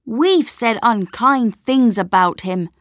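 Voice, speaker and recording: A woman voicing a caring little boy who speaks gently. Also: fairly high pitch, lively intonation, slow pace, dry recording, studio quality, pitched above the performer's own voice.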